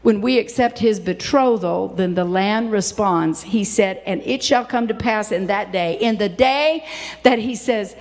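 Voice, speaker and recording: A woman's voice: medium pitch, measured pace. A woman preaching a sermon in a church, impassioned and dramatic, acting out the voices she quotes. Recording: long reverberant hall.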